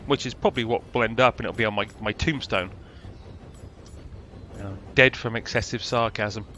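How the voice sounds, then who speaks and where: Middle-aged British male game commentator, dry sarcasm, bright voice, faint noise behind. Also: on the low side, a little fast. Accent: British English. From Britain. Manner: dry, sarcastic, rambling asides. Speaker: gameplay commentator. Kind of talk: casual gameplay commentary.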